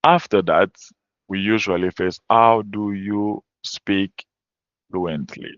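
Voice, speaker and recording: A man whose first language is French talks through a webinar lesson, handing out plain advice in short, repeated instructions. His voice sits fairly low. The sound is dry and a little dull. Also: fairly even intonation, slow pace, fairly bright tone, no room sound. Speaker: French teacher. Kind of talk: webinar lecture.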